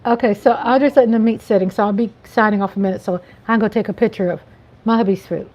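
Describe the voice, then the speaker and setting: A woman's voice: medium pitch, fairly even intonation, quick pace, highs cut off. A woman hosting a casual livestream, chatty and playful, drawing out her greetings to viewers. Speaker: livestream host. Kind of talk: casual live-stream chat.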